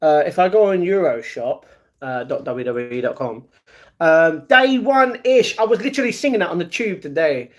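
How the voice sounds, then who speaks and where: High-voiced British man chatting on stream. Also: very animated, brisk, darkish tone. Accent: British English. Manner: chatty, greets chat viewers by name; playful, breaks into improvised rap. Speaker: live stream host. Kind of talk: casual live-stream chat.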